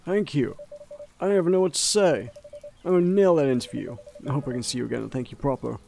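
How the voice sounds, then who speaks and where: A man voicing a scruffy, humble homeless man in a video game with a low, mumbling hobo voice. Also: quick pace, creaky, dark tone, a little hiss or hum, close to an everyday voice. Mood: grateful.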